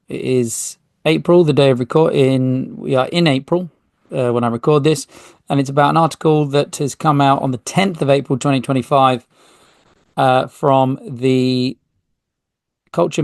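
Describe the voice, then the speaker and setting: Gravelly-voiced podcast host. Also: male voice, medium pitch, dry recording, studio quality. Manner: casual, rambling, reads article text aloud with small slips. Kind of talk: solo podcast talk and reading aloud.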